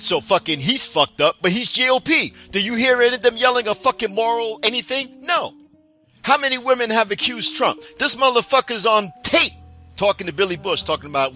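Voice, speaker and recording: A man's voice: a little high, bright, forceful tone. A man delivering a heated, profane political rant, full of sarcasm and mocking asides. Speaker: political commentator.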